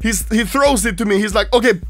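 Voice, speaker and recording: A man's voice: high-pitched, a little fast, no room sound, studio quality. A man casually telling a story to camera, laughing often and swearing freely.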